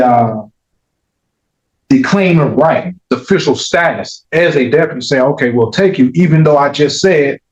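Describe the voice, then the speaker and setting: A man arguing as defense attorney in a courtroom, pressing his points insistently and climbing in pitch as he pushes. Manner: argumentative, rising in pitch when pressing a point. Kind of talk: courtroom legal argument. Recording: echoey courtroom, dull audio.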